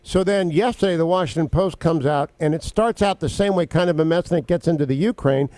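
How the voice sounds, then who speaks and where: A man hosting a political talk radio show, briskly laying out his opinions point by point into a studio mic. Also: fairly high pitch, darkish tone, no echo.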